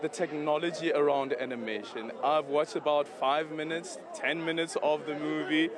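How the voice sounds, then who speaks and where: A man reporting live from a red carpet event, excited and chatty, a little out of breath. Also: a little high, moderate pace. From South Africa. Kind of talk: live news interview. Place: outdoor red carpet event at a shopping centre. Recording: lively crowd around.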